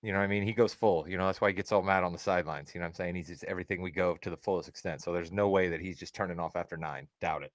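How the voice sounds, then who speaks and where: A man's voice: low voice, fairly even intonation, racing, few pauses, dry recording, clean studio sound. A man hosting a sports podcast, leading the talk with wry, joking banter. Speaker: podcast host.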